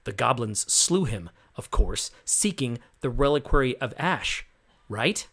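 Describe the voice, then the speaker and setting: A man's voice: mid-range voice, expressive, a little slow, a bit bright, slightly rough, full character voice. A man voicing an impatient, scheming male soldier leader in a tabletop game, clipped and secretive.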